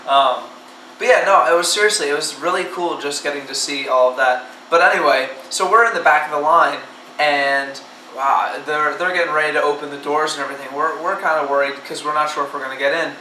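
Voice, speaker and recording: A young man in casual group chat on a vlog, excited, laughing often and full of fillers. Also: on the high side, a little fast. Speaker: vlogger. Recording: roomy, far from mic, faint noise.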